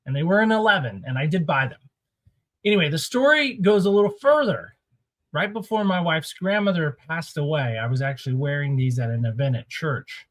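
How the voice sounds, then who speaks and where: A man's voice: on the high side, lively intonation, fairly quick, a bit bright. Upbeat man hosting a shoe countdown. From Oregon. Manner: playful, builds suspense before each reveal. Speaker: host of a sneaker countdown show. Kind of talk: casual countdown vlog. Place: small home studio.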